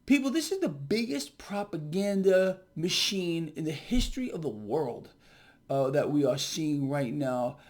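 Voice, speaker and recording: Emphatic indignant man commenting on markets. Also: sits high. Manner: emphatic, indignant, repeats points. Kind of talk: solo market commentary vlog.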